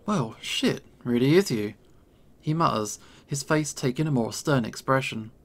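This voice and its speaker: Standoffish young bat, gravelly and rude; male reader doing it. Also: mid-range voice, unhurried. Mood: hostile. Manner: gruff and hostile.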